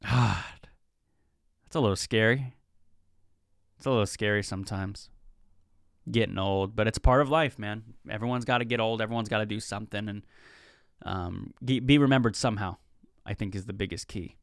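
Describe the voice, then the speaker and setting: A man's voice: on the low side, normal speed, gravelly, pauses often, no room sound, clean studio sound. A young man in his twenties hosting a solo podcast, talking casually in a rambling, chatty way and acting out bits of quoted talk. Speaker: podcast host.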